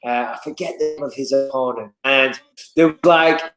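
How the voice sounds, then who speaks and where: An English man telling stories in a casual podcast chat as a fight commentator, animated and swinging his voice up and down. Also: normal speed, echoey room. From England. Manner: animated storyteller, lively swings in pitch and loudness.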